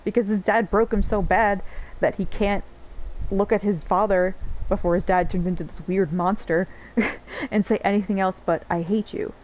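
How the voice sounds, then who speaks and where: Rambling, low-voiced woman gamer. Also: darkish tone, slight background noise, rough recording. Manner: rambling, swears, laughs often. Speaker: game streamer. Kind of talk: casual let's-play commentary.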